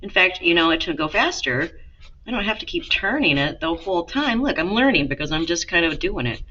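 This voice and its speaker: A chatty woman teaching a drawing lesson to children, encouraging and talking right to them. Her bright, fairly low voice swings up and down a lot. The laptop recording sounds a little muffled, with faint hum behind her. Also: big pitch swings, a little fast. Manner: chatty, encouraging, talks to students directly. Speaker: art teacher. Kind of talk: casual drawing lesson for kids.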